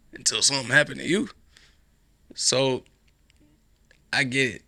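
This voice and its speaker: A man's voice: mid-range voice, measured pace, sharp tone. A man hosting his own show, talking alone in a casual, rambling way, sarcastic and dropping into a whisper for effect. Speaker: podcast host. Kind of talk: casual solo commentary.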